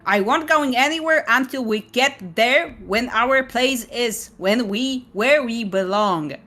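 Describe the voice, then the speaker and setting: A woman's voice: mid-range voice, lively intonation, extremely slow, slightly rough, soft background music, exaggerated voice. A woman voicing an angry, possessive old woman in a tabletop game, insisting and repeating herself.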